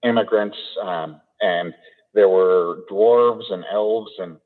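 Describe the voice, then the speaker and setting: Easygoing low-voiced Idaho man on a tinny call. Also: slow pace. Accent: Idaho American. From Idaho, USA. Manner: easygoing, chuckling, repeats words when starting. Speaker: audiobook narrator. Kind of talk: casual interview answers. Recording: tinny call audio echoing in a hall.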